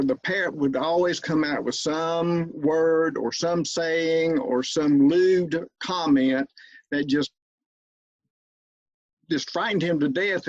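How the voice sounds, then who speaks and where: A man's voice: fairly high pitch, no room sound, lo-fi sound. A man telling a humorous anecdote in a folksy storytelling manner over a video call. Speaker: club speaker.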